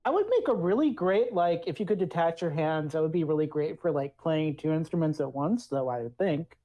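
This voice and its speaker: A woman's voice: low-pitched, expressive, brisk, highs cut off. A woman player in a tabletop game, cheerful and chatty. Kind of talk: tabletop role-play.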